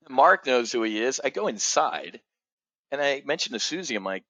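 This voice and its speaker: A middle-aged man hosting a trading community, telling a casual story in an animated way, swearing freely and jumping up high when he acts out other people. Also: moderate pace, dry recording.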